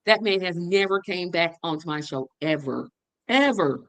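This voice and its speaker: A woman hosting a memorial livestream, telling stories with animated, rising quotes. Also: normal speed, dry recording. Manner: animated storytelling, voice jumps high when quoting. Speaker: podcast host. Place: online stream.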